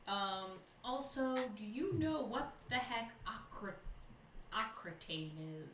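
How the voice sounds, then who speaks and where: Animated, projecting woman player. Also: on the high side, slow pace, reverberant, distant mic, noisy background. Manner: animated, laughing, loud projecting voice. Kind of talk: playing a tabletop game.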